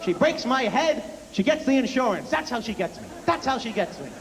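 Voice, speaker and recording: A man's voice: very high voice, sing-song, a little fast, pitched above the performer's own voice. A man voicing a paranoid older father with a New York accent, ranting in a whiny, exasperated way. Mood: panicked. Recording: reverberant hall with faint hiss.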